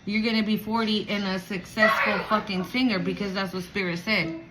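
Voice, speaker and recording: A woman giving a channeled spiritual reading to viewers, emotional and animated, swearing casually. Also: medium pitch, fairly quick, over loud music, rough recording. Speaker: spiritual reader.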